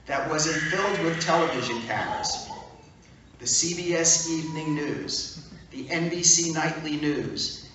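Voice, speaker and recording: A man speaking at a fan event, telling an animated, punchy anecdote to a crowd. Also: fairly high pitch, a little hiss or hum. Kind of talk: storytelling talk. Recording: echoey hall from far off.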